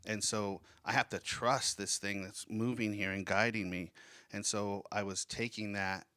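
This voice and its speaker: A male host with a very low voice talks in a reflective, easygoing way during a casual interview. He agrees often and thinks out loud as he goes. The sound is close and dry. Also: fairly even intonation, unhurried, clear, resonant tone, no echo. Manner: reflective, agreeable, many "yeah" and "right". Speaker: podcast host.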